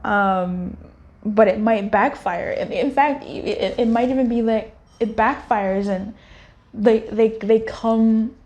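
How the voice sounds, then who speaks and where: A woman's voice: a little high, steady tone, slow pace, darkish tone. Chatty woman doing a tarot reading. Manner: chatty, rambling, lots of fillers and laughs. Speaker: tarot card reader. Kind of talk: casual tarot reading monologue.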